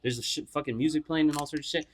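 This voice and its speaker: A young man on a podcast races through a profane story, animatedly impersonating the people in it as he co-hosts the show. His pitch is fairly high, and a bit of hiss or hum sits under the audio.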